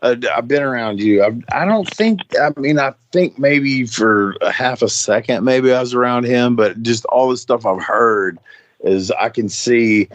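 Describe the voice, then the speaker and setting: A man's voice: medium pitch, unhurried, muffled recording. A man hosting a casual chat, reacting and asking follow-up questions. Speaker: podcast host.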